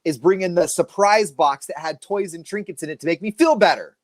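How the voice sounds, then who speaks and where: A man in his forties co-hosting a casual live stream, telling stories with animated energy. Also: fairly quick, no echo. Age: 40s. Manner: animated storytelling, lively pitch. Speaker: co-host.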